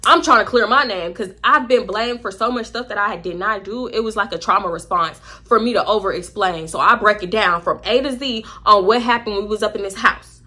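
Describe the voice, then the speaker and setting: A young woman telling an animated, candid storytime vlog, slangy and profane. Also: mid-range voice, fairly quick, few pauses, slightly rough. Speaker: vlogger.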